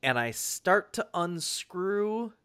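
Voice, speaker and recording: A man telling a casual story in an animated way, full of swearing, fillers and restarts. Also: high voice, slow pace, smooth, no room sound. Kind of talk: casual anecdote.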